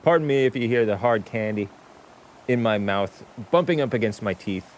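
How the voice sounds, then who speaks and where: A man's voice: on the low side, animated, moderate pace, slight background noise. A man hosting his own talk show, chatting casually in a rambling, musing way with offhand asides. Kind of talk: casual livestream monologue.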